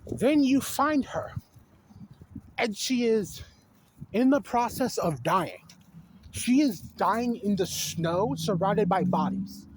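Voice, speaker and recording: A man's voice: high voice, animated, takes it slowly, long pauses, a little hiss or hum, low-quality recording. A man giving a casual, rambling film rant to a phone camera, exasperated and full of restarts and fillers. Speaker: video essayist.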